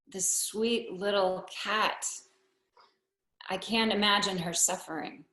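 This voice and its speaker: A woman telling a personal story live on stage, unhurried and wry, with deadpan asides. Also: medium pitch. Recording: roomy hall echo.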